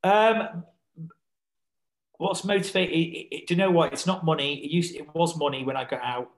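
Talking fast in a slightly high voice, a survival instructor rambles through a casual podcast appearance with plenty of fillers and restarts. The audio quality is poor.

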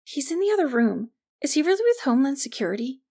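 Woman doing a wary teen girl in an audiobook, gravelly voice, hesitant and quick. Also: high voice, big pitch swings, warm tone, pitched above the performer's own voice. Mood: anxious. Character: teenage girl, earnest and wary.

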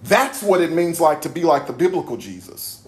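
A man's voice: a little high, sing-song, moderate pace. A man preaching a sermon in a blunt, plainspoken, emphatic way, reading from scripture between his points. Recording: echoey room.

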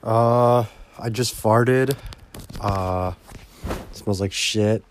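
A young man in a casual video diary, rambling crudely and breaking into loud, profane, exasperated outbursts. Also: mid-range voice, extremely slow, slight background noise. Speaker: vlogger.

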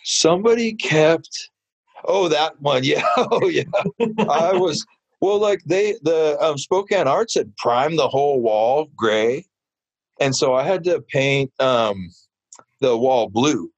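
A man being interviewed about his mural work, telling stories in a casual, animated way full of fillers. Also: on the high side, slow pace, no room sound, dull audio. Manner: animated, chatty, many fillers. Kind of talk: casual storytelling.

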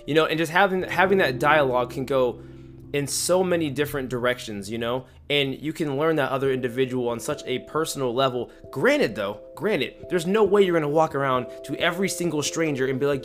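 A young man hosting a podcast, telling a story in casual chat, animated and slangy, acting out the lines he quotes. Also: medium pitch, fairly quick, faint music behind. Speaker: podcast host.

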